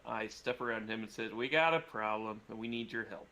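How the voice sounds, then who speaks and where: A man's voice: lowish voice, brisk, bright, forceful tone. A man playing a tabletop game, joking and laughing with the group. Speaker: player.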